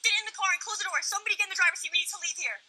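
A woman's voice: extremely high pitch, very fast, bright, forceful tone. A scared woman on a livestream, pleading and swearing in a frantic rush.

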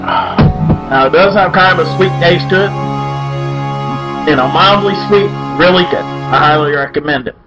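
A man hosting a casual beer review vlog, loud, folksy and irreverent, with playful chants. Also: sits high, moderate pace, music in the background, rough recording. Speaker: beer review show host.

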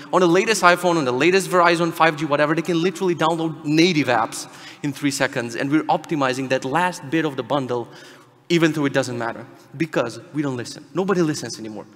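A man's voice: fairly high pitch, a bit bright. A man from Macedonia giving a casual, joking, profane conference talk from a stage. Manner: irreverent, fast, profane, jokey. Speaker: conference speaker. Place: large conference hall. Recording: reverberant conference hall.

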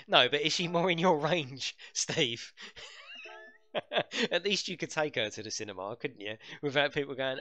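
A man's voice: mid-range voice, measured pace, pushed and bright. A middle-aged man, live-streaming a racing game and bantering and swearing with his chat. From United Kingdom.

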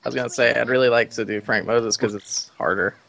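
A man's voice: medium pitch, fairly even intonation, fairly quick, creaky, fairly bright tone. A man chatting casually while playing a video game with friends, laughing often. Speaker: gamer. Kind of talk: casual let's-play chat.

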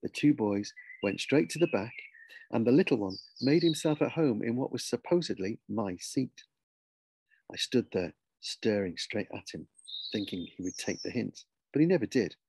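Gravelly-voiced man reading a story. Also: lowish voice, moderate pace, dry recording. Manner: lively, expressive storytelling. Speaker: author reading his book.

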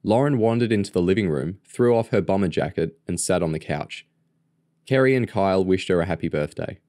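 A man narrating a novel aloud in a steady, even reading voice. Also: low-pitched, fairly quick, no echo, clean studio sound. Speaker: audiobook reader. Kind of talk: storybook narration.

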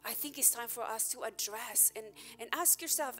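A woman's voice: fairly high pitch, normal speed, few pauses, bright, forceful tone, soft background music. Woman pastor preaching with candid emphasis. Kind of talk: sermon.

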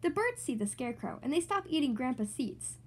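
Young woman, kids' storybook reader, high sing-song voice. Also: big pitch swings, a little fast, darkish tone, a little hiss or hum. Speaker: children's book reader. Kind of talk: read-aloud storytelling for kids.

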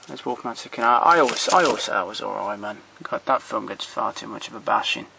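Filmed on a handheld camera, a man gives a casual, meandering tour of his film collection at home, swearing freely, bluntly opinionated, and trailing off between titles. He talks fast in a lowish voice with vocal fry. The background is noisy.

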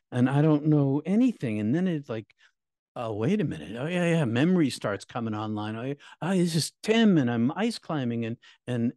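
A middle-aged man and minister recounting his near-death experience in an emotional, halting way, repeating words, his voice climbing high at painful moments. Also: mellow, no room sound, studio quality. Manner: halting, repeats words, voice rising high when reliving pain. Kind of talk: emotional personal storytelling.

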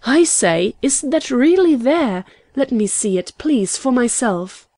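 Woman reading eager young gentleman, earnest, excitable, dry close sound. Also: medium pitch, unhurried, no echo, natural voice. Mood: excited.

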